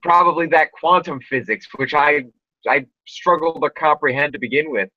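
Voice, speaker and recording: A man's voice: fairly high pitch, normal speed, no echo, muffled recording. A man hosting a casual podcast chat, rambling with lots of fillers and restarts. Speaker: podcast host.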